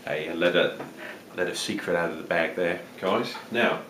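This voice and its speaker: A man's voice: low voice, moderate pace, a bit bright, slight background noise. Man in a put-on Australian accent. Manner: chatty, jokey, rambling with fillers. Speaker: vlogger reviewing beer. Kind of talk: casual beer review vlog. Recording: roomy, distant home-video sound.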